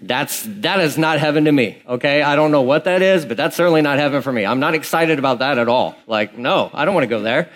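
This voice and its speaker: A man's voice: a little high, brisk, few pauses, a bit bright. A man preaching a sermon as pastor, talking in a loose, conversational way with many fillers and restarts.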